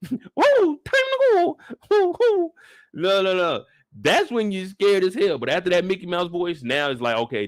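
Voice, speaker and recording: Young male streamer, high and bouncy, comic and profane, dry close sound. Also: dry recording. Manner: animated, profane, comic riffing; acts out scenes in shouted bursts. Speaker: streamer reviewing a TV episode. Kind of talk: live recap commentary.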